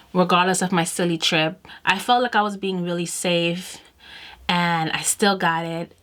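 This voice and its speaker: A woman beauty vlogger telling a personal story in a casual, chatty way to camera, often acting out what she and others said. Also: fairly low pitch. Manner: chatty and animated, quoting herself and others. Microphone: camera mic while doing makeup.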